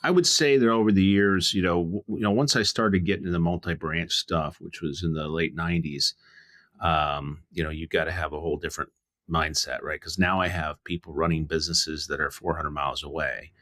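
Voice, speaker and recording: A man's voice: low-pitched, fairly even intonation, fairly quick, fairly bright tone, dry recording, clean studio sound. A middle-aged man, a business owner, answering interview questions in a frank, rambling way with many restarts. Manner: rambling, restarts often, frank with mild profanity. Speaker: guest, home services business owner.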